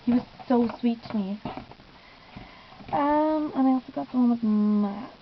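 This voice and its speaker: A woman's voice: on the high side, measured pace, slight background noise. Giggly young woman gushing, lo-fi sound. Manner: gushing, giggly, lots of "I was just like". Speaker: fan vlogger. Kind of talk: casual storytelling vlog.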